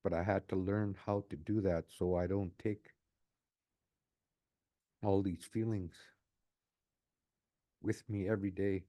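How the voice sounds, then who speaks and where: Older guy near seventy, lowish mellow voice, earnest reflective interview talk, repeats himself a lot. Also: steady tone, slow, pauses often. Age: 60s. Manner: earnest, repeats his phrases. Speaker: community advocate.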